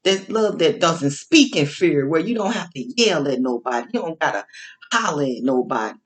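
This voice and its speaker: A woman's voice: deep voice, animated, normal speed. A woman giving a casual, sermon-like monologue about faith and love, with informal slang, repeating phrases for emphasis and often restarting her sentences. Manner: preachy, repetitive, building emphasis. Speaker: online speaker on faith and love.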